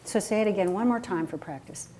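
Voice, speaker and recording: Energetic woman coaching a live group. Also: fast talker, noisy background. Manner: energetic, demonstrates vocal range with sudden high and low voices. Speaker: voice and presentation coach. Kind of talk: workshop talk to a live audience.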